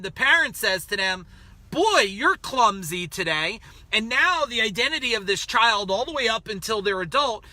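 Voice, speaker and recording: A man coaches viewers on a casual live stream, calling out names as he goes. His voice sits high and sounds very bright and forceful. The recording is dry and close, made on a phone. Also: no echo. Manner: greets viewers by name, chatty and emphatic. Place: outside a grocery store waiting in a car.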